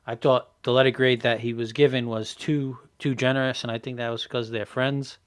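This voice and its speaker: A man in a casual podcast chat, giving a measured opinion and repeating his openings. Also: medium pitch, level tone, smooth.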